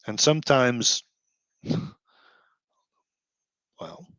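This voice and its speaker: A man hosting his own commentary show, ranting with feeling, sighing and breaking into quick heated outbursts between quieter stretches. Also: medium pitch, expressive, no echo. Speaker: blogger host. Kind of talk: emotional commentary rant.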